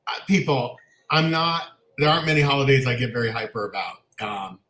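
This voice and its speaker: A man co-hosting a casual chat show, telling family stories in an animated way and laughing often. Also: medium pitch, brisk, reverberant. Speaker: co-host.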